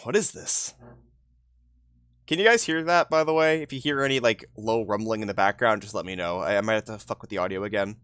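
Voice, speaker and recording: A man streaming a game live, excitable and swearing, talking to his chat. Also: lowish voice, brisk, clean tone, no echo. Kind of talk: live gameplay commentary.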